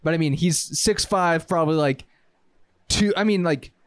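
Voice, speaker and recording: A young man in casual chat, relaxed and rambling, with lots of fillers. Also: fairly high pitch, moderate pace, no echo.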